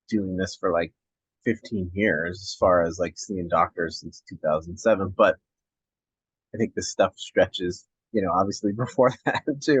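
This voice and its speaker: A man hosting a podcast interview, talking in a halting way while he searches for his words. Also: low-pitched, husky, no room sound, lo-fi sound. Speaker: podcast host. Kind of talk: casual interview chat.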